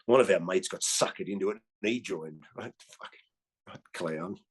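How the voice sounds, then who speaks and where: A man in his fifties with an Australian accent, swearing freely and tagging his lines with "right?" as he tells animated stories in a casual chat. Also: deep voice, moderate pace, husky. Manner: animated storyteller. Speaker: guest comedian.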